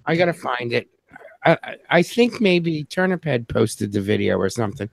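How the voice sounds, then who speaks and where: A man telling stories in a casual group chat, chatty and quick to laugh. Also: mid-range voice, very animated, vocal fry.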